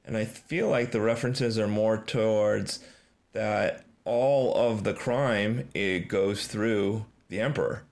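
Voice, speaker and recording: Male podcast co-host, lower register, reflective, measured fan chat. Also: steady tone, darkish tone. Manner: thoughtful, measured, searching for words.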